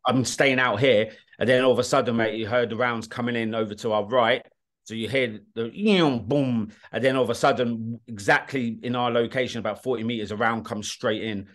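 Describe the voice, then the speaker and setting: A man's voice: mid-range voice, brisk. Blunt British man telling war stories. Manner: animated, blunt, swears, often asks "do you know what I mean". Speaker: guest, war documentary filmmaker. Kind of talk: casual interview storytelling.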